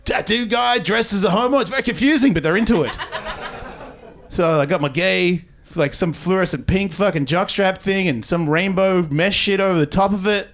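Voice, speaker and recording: A man with an Australian accent performs rambling, foul-mouthed stand-up and crowd work before a live comedy club audience, whose laughter runs throughout. His voice is high-pitched and fairly bright, at normal speed.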